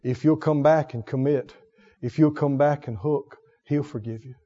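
A man preaching a sermon with fervor, swinging from hushed tones to shouts. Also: a little high, fairly even intonation, normal speed. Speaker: pastor. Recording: dull sound in a long-reverb hall.

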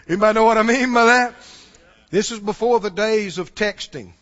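A man preaching a sermon, moving from hushed storytelling to shouted exhortation and chuckling as he goes. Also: high voice, unhurried, dull audio.

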